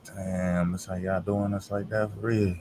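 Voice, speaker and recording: A man's voice: low-pitched, little pitch movement, a little slow, noisy background. A man hosting a casual streamed chat, talking in a blunt, profane and heated way.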